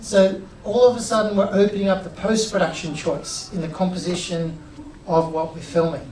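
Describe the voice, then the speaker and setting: A middle-aged man giving an energetic live workshop, chatty and drawing the audience in. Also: sits high, moderate pace, a little hiss or hum. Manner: upbeat, chatty, involves the crowd. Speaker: workshop presenter. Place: cinema auditorium with audience. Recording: roomy auditorium sound from a distance.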